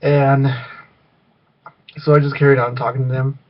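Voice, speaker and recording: A man's voice: medium pitch, little pitch movement, moderate pace, highs cut off. A man telling a rambling story in a casual vlog, full of fillers and restarts. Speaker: vlogger.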